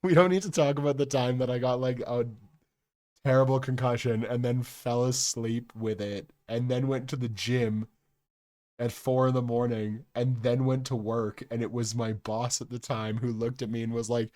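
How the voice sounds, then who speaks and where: A man chatting casually on a live stream, joking and rambling, with quiet mumbled asides between loud outbursts. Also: medium pitch, fairly even intonation, normal speed.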